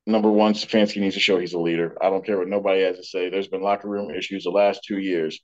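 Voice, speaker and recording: A man's voice: low voice, flat delivery, fast, darkish tone, lo-fi sound. A man co-hosting a casual sports podcast, blunt and full of restarts, hiccuping now and then. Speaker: podcast co-host.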